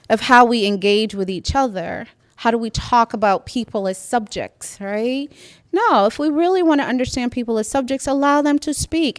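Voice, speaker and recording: A woman's voice: fairly high pitch, clean tone, no echo. A woman academic giving a conference panel talk, emphatic and speaking directly to the audience, checking in often with tag questions. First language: immigrant.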